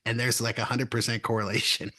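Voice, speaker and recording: A man's voice: medium pitch, little pitch movement, fast talker, sharp tone. A middle-aged man co-hosting a trading podcast, telling rambling anecdotes in casual chat with frequent restarts and chuckles. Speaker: podcast co-host.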